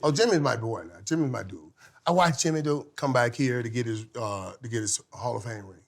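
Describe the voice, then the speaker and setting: Middle-aged guy on a podcast, big animated storyteller, laughs a lot, gets loud then real quiet. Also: medium pitch, fairly quick. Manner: lively, laughs often, swings from loud to hushed. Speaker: podcast guest, former football player. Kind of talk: animated storytelling in casual chat.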